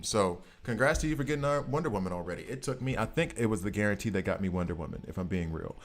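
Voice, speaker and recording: Low-voiced man rambling to his stream chat. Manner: rambling, self-correcting, chats directly with viewers. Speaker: gaming streamer. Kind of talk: casual live-stream chat.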